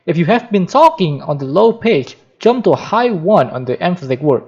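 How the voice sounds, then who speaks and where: A man with a fairly high voice reads a book aloud for practice, his pitch rising and falling in lively swings. He goes carefully, often stopping to restart and correct a word. The recording sounds dull and lo-fi. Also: moderate pace, slightly rough. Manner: careful reading with frequent restarts and self-corrections. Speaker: reader practicing reading aloud.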